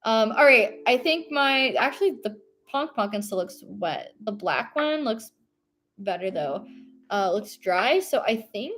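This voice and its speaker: American girl streaming, chatty and giggly, kinda high voice, faint music behind. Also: expressive, measured pace, fairly bright tone. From United States. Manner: chatty, giggly, reads and answers chat while painting. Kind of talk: casual livestream chat.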